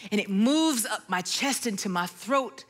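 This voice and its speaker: A middle-aged woman, a worship leader, gives a sermon testimony, telling her story expressively, sometimes dropping to hushed tones and singing snippets of lyrics. Her pitch is medium and her delivery animated but unhurried.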